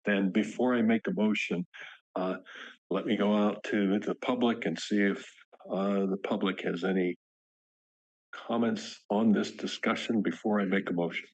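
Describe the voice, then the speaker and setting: A man chairing a board meeting, talking haltingly with many ums and restarts. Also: fairly low pitch, steady tone, rough recording. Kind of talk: formal meeting discussion.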